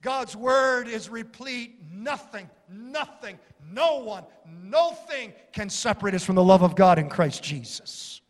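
A man preaching a sermon with impassioned delivery, building to shouts and dropping to quiet, low lines. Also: lively intonation, unhurried, few pauses, long reverb tail.

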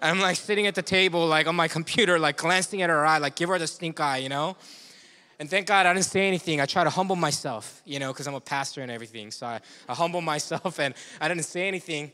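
Male pastor, conversational sermon, candid and self-deprecating with frequent chuckles, voice slightly higher than most men's. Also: fast talker, bright, forceful tone. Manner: candid and confessional, chuckling often. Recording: long reverb of a large hall.

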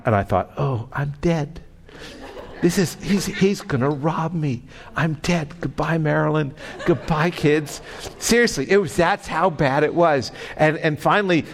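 A man preaching as a pastor, telling a story in a lively way and often tripping over and repeating his words. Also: medium pitch. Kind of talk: storytelling sermon. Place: church sanctuary. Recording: long reverb of a large hall.

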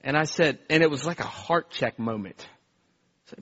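A man's voice: a little high, moderate pace, fairly bright tone, breathy edge, highs cut off. A man preaching a conversational sermon, telling stories earnestly with frequent restarts and repeated words. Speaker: pastor.

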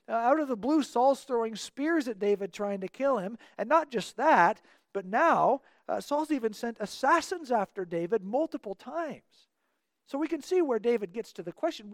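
A man's voice: very high voice, no echo, clean studio sound. A man teaching a Bible passage verse by verse in an earnest, explanatory way, acting out the quoted dialogue.

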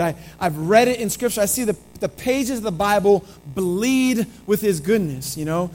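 A middle-aged man preaching a sermon in a church, his voice slightly hoarse, talking earnestly and conversationally with frequent restarts. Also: sits high, a little mellow, poor audio. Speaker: pastor. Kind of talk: sermon with opening prayer. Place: church sanctuary.

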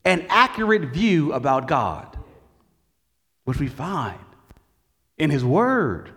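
A man's voice: fairly high pitch, big pitch swings, slow pace, a bit bright, in a large hall. A man preaching a sermon in earnest, lifting his voice on the quoted cries to God. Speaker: pastor.

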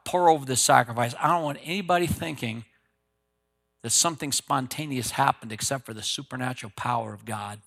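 A man voicing a calm, commanding prophet who gives orders in a firm, matter-of-fact way. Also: mid-range voice, brisk, creaky. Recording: long hall reverb.

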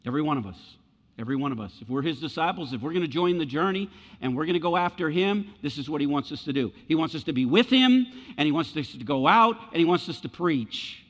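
A man's voice: on the high side, expressive, a little fast, hardly any pauses, a bit bright. A male pastor preaching a conversational sermon, acting out the voices of doubters and of Jesus. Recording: muffled sound with long hall reverb.

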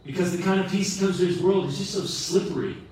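A middle-aged man preaching a sermon as a pastor, earnest and animated, with self-deprecating humor. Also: high-pitched, quick pace, slight background noise. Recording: roomy echo from far off the mic.

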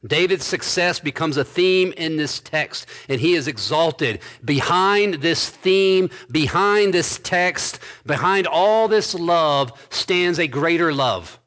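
Preaching man, fairly high voice. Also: animated, slow, few pauses, a bit bright. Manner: expository preaching, rising emphasis and asides. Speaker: pastor. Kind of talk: sermon.

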